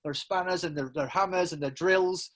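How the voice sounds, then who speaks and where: A man's voice: high voice, moderate pace. A middle-aged man from England, a podcast guest telling stories casually, rambling with many restarts and often laughing. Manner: rambling, self-interrupting with many restarts and fillers. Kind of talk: casual storytelling interview.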